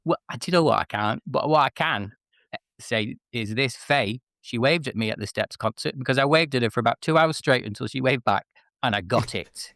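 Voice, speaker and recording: A man's voice: mid-range voice, fairly quick, fairly bright tone, no room sound. Forties guy from northwest england, chatty and self-mocking, telling wrestling stories, dry close mic. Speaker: interview guest, former wrestler. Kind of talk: casual interview chat.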